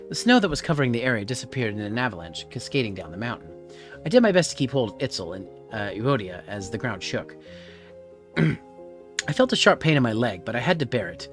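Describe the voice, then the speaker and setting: A man's voice: medium pitch, brisk, soft background music. A man streaming a story game, narrating its events expressively in the first person. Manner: expressive, theatrical, animated.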